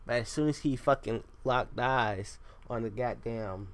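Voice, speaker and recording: A man's voice: mid-range voice, measured pace, background noise. A young man hosting his own podcast, rambling casually with lots of swearing and tangents. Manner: profane, digressive, self-deprecating. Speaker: podcast host.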